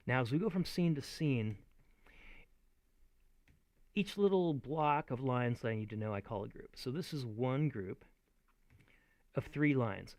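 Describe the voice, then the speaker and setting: A man teaching in a chatty, animated way, often laughing as he explains. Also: medium pitch, unhurried, no room sound. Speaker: acting teacher. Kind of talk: video lesson.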